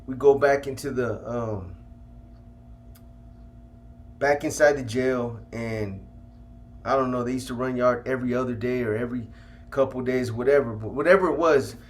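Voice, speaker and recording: A man's voice: mid-range voice, normal speed, long pauses. A man telling stories from his past in a casual, laid-back way, dropping slang and ending lines with "man". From California. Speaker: storyteller recounting his past. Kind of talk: casual first-person storytelling.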